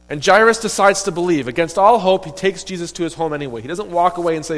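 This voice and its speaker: Man, pastor, sermon storytelling, emphatic, slightly high voice, echoing hall. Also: quick pace, few pauses. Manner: storytelling, voicing quoted characters, emphatic swells. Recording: long reverb of a hall.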